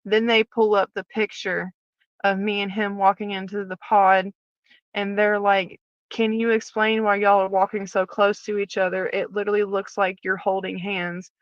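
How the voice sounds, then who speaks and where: A woman at a middle pitch tells her story candidly, acting out each exchange as she goes. The sound is dry and close, slightly dull and muffled. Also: normal speed, dry recording. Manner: animated retelling, acting out dialogue. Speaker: guest, former prison officer.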